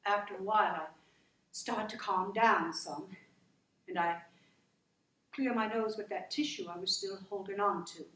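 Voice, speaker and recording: A woman's voice: medium pitch, a bit bright, reverberant, natural voice, rough recording. An actress playing a down-to-earth working wife who finally stands up for herself, telling her story in an earnest, emotional monologue. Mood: sorrowful. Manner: slow, emotional, earnest retelling.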